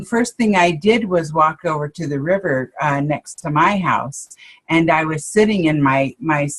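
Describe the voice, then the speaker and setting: A woman co-hosts a relaxed spiritual chat, speaking slowly and hesitantly in a lowish voice. She pauses often and restarts her sentences as she works through her thoughts. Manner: hesitant, many ums and restarts. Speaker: co-host.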